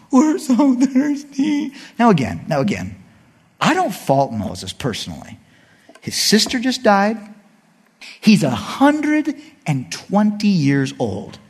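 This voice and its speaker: A male pastor preaching a sermon to a congregation in an animated way, acting out the people and God as he goes. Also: a little high, breathy edge, big-room sound.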